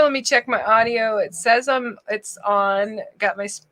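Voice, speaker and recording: A woman's voice: on the high side, normal speed, fairly bright tone, slight background noise. Chatty, bubbly woman co-host. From Louisiana. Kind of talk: casual live-stream interview chat. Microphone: home microphone on a live stream.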